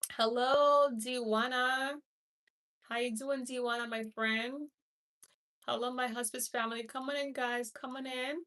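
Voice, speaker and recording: Woman, from Haiti, hospice nurse, live stream host, rambling and repetitive, unhurried, a bit far from the mic. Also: on the high side, a bit bright. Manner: chatty, rambling, repeats herself, greets viewers by name. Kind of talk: casual livestream chat.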